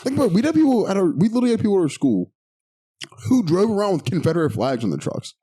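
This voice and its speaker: Animated young man ranting on a podcast. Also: high voice, fast, breathy edge. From Pittsburgh area. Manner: animated, swearing, laughing often. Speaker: podcast co-host. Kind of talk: casual chat.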